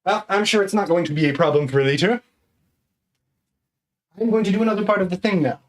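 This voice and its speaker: A man's voice: sits high, brisk. Breathless streamer man counting reps. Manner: chatty, counting exercise reps aloud. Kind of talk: casual live-stream chat.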